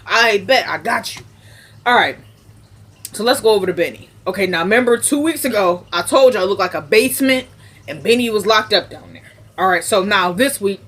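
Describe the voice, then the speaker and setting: Brief: a chatty woman vlogger with a mid-pitched voice, recapping a TV episode unscripted. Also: breathy edge. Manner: chatty, animated, off the cuff. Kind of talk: casual chat.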